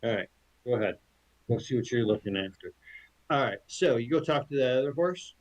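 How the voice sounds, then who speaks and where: A man's voice: mid-range voice, lively intonation, brisk, poor audio. A man running a tabletop game as dungeon master, narrating in a loose, joking way.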